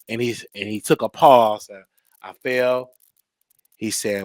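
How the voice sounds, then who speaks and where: A young man hosting a show, telling a comedic story in an animated way and acting out the voices. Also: mid-range voice, moderate pace, no echo. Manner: animated, acts out voices, laughs between lines. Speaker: show host.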